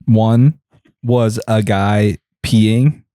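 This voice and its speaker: Deadpan man with a low voice. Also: drawn-out words, smooth, dry recording, studio quality. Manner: deadpan, blunt wisecracks. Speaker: podcast co-host. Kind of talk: casual chat.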